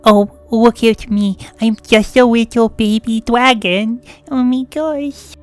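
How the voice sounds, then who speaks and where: A woman's voice: fairly high pitch, fairly even intonation, slow, faint music behind, voice pushed up. A woman voicing a cutesy, childlike baby dragon that chirps baby noises in a sing-song way.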